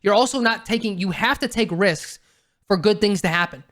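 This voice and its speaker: A man's voice: sits high, normal speed, a bit bright. A man co-hosting a casual sports podcast, talking bluntly and emphatically and swearing casually. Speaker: podcast co-host.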